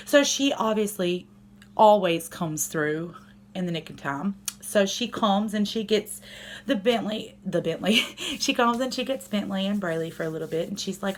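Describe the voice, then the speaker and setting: A woman's voice: mid-range voice, normal speed. A young woman, a mother, talking casually to her camera at home, candid and rambling with many fillers.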